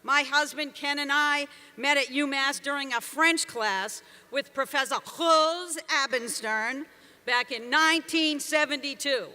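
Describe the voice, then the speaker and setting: A woman's voice: sits high, pushed and bright. A woman giving a commencement speech, joking and emphatic as she rouses the crowd. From Boston area, USA. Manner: jokey, emphatic, rousing the crowd. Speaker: commencement speaker. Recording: long reverb from a large venue.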